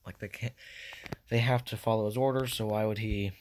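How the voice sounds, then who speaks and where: A man's voice: fairly low pitch, steady tone, fairly quick, noisy background, natural voice. A man reading out a suspicious, dismissive king. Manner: plain, careless delivery.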